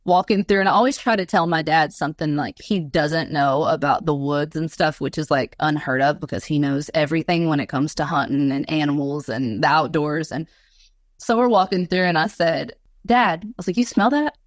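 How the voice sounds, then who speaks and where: A woman guest in an interview, telling stories in a rambling, animated way with lots of filler words. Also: low voice, moderate pace, no room sound. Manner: animated, rambling storyteller with many fillers and laughs. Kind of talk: casual storytelling interview.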